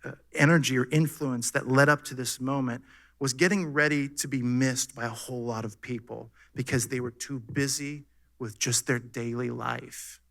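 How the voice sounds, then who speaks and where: Bright-voiced animated pastor. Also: male voice, medium pitch, normal speed, creaky. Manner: animated preaching with rhetorical questions. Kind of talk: sermon. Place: church sanctuary.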